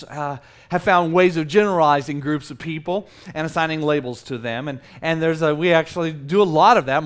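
Pastor guy in his 40s from south texas, pretty high voice, chatty joking sermon style. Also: smooth. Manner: animated and conversational, with self-mocking humor and repeated restarts.

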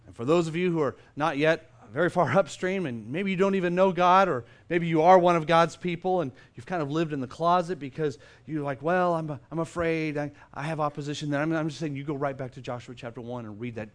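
High-pitched preacher guy, middle-aged, emphatic, gets loud then soft, lots of restarts, church sermon. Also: a little fast, hardly any pauses. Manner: emphatic preaching with sudden swings in loudness and frequent restarts. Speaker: pastor. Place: church sanctuary.

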